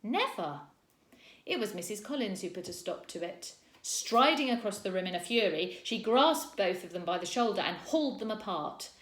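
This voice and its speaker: A woman's voice: mid-range voice, moderate pace. Woman reading a storybook aloud in an echoey room. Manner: expressive, acting out the characters. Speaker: teacher reading a book aloud.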